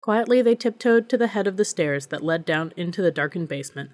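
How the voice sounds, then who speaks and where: A woman narrates a novel as an audiobook reader. Her voice sits on the low side, and she keeps a steady, even pace as she tells the story. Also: a little fast. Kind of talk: scripted narration.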